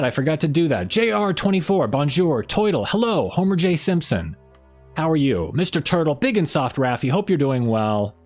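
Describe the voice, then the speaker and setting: A man's voice: a little high, very animated, normal speed, soft background music. A man hosting a casual weekly livestream, rambling loosely and greeting viewers in the chat by name. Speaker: livestream host.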